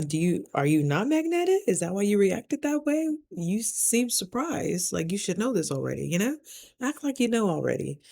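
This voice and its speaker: Woman vlogger, low gravelly voice, chatty and candid, motivational. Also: warm tone. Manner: candid, chatty, motivational, lots of "you know". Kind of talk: casual vlog talk to camera.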